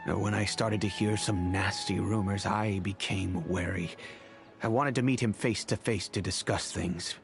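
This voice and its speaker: A man voicing a wealthy, kindly middle-aged father in game cutscene dialogue, telling the past in a measured, reflective way. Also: lowish voice, steady tone. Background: game music.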